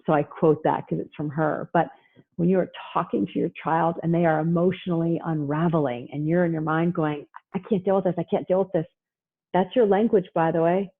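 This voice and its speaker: A female psychologist with a deep, slightly husky voice gives a lively lecture on parenting, animated and acting out quotes in playful voices for parents and kids. The audio is thin and tinny, like a phone line on a video call.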